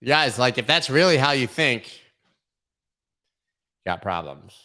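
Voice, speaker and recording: A man's voice: mid-range voice, lively intonation, takes it slowly, pushed and bright. A man hosting a crypto livestream, going over charts in casual, irreverent commentary full of swearing and mockery. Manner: irreverent, profane, mocking.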